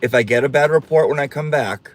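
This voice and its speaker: Speaking a little fast in a medium pitch, this livestream host keeps things casual, campy, and sassy. He curses without restraint and reads out comments from viewers.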